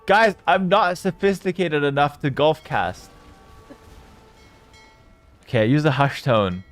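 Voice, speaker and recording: A man streaming live esports commentary on a strategy match, reading out chat and swinging between loud hype and low, calm play calls. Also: takes it slowly, long pauses, faint music behind.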